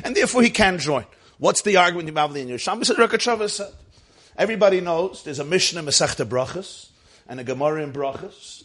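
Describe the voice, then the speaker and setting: Rabbi guy teaching a torah class, kinda high voice, explains every term as he goes. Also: a bit bright, breathy edge. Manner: explains terms and texts step by step, mixing in Yiddish and Hebrew words. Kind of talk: Torah lecture with storytelling.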